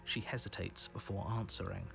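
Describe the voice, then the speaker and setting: An actor playing a stern, wary male narrator in a game, speaking measured warnings with a dry edge. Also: low-pitched, fairly even intonation, creaky, a bit bright, full character voice. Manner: measured, warning, dryly sardonic. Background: game music.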